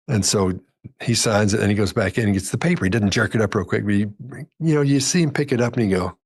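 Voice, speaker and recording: Speaking quickly in a fairly low, husky voice, a podcast guest spins a long, meandering tale, often correcting himself and performing the dialogue he quotes. It's a relaxed storytelling chat.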